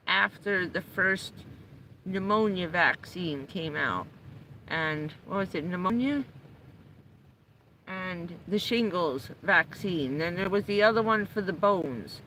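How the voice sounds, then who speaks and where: A woman's voice: lowish voice, bright, forceful tone, a little hiss or hum, poor audio. A middle-aged woman chatting casually on a live stream, talking to her dog in a coaxing raised voice and telling stories. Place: parked vehicle on a rainy day.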